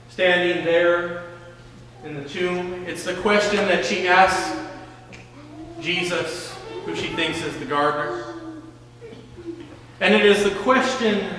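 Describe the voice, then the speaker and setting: A man preaching a sermon as pastor, slowly retelling a scripture story and often repeating words. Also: high voice, a bit bright, slight background noise. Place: church sanctuary. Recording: echoey church hall from a distance.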